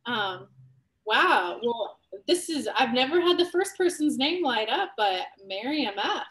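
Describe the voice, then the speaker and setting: A woman's voice: a little high, big pitch swings, a little slow, fairly bright tone, slightly rough. A woman hosting a live stream, chatting casually and candidly, telling stories with bubbly energy. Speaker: host of a live reading stream.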